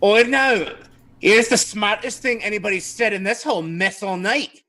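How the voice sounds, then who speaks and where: A man voicing Madame Dimitri, an outspoken woman who cuts in with loud, high exclamations during a tabletop game. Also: normal speed. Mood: scornful. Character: haughty older woman innkeeper type, outspoken.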